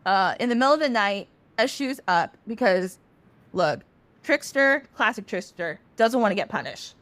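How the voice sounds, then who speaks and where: A young adult woman hosting a podcast, retelling a myth in a chatty, animated way with casual profanity. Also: mid-range voice, normal speed, no room sound. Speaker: podcast host. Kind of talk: casual mythology storytelling.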